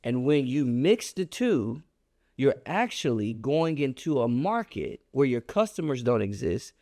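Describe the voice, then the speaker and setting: A man telling a personal story on a podcast, animated and emphatic in a casual, colloquial way. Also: a little slow, no room sound, studio quality. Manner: animated, emphatic storyteller with a wide pitch swing; casual and colloquial, reflective when making his point.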